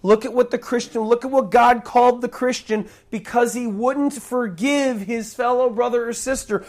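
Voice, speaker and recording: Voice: medium pitch, steady tone, normal speed, few pauses. A preacher giving a sermon, reading verses aloud and explaining them with emphatic stress. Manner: emphatic, reads verses then explains, stresses key words.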